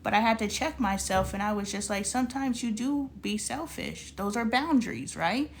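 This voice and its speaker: A woman's voice: fairly high pitch, moderate pace, a little hiss or hum. A woman vlogger telling a casual story, acting out the dialogue and adding spiritual, preachy asides.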